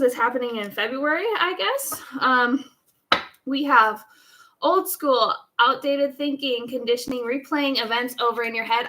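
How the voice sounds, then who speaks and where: A woman's voice: on the high side, pushed and bright, low-quality recording. A woman giving a live tarot reading in a casual, chatty way, often restarting her sentences. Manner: chatty, rambling, many restarts and laughs. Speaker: tarot reader.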